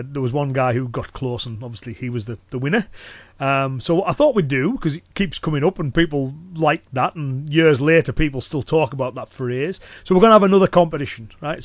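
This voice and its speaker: A man with a Cumbrian accent hosting a podcast alone, talking in a relaxed, chatty way with lots of fillers. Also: mid-range voice, brisk, no echo. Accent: Cumbrian English. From Cumbria, northwest England. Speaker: podcast host and self-protection instructor. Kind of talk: solo podcast talk.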